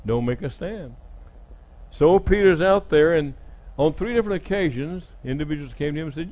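A man's voice: a little high, very animated, a little fast. A middle-aged man preaching a sermon, retelling scripture dramatically and voicing the people in it. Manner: dramatic retelling, acting out speakers with sudden loud jumps.

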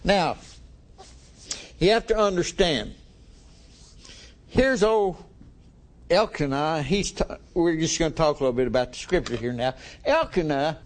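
A man's voice: on the high side, animated, measured pace, long pauses. A middle-aged male preacher giving a folksy, conversational sermon, chuckling often and asking the congregation questions.

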